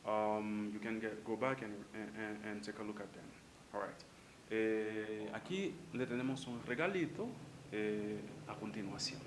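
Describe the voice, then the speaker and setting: A man's voice: on the low side, normal speed. Casual bilingual male English teacher. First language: Spanish. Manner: casual, repeats example sentences, switches languages. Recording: echoey room, faint background noise.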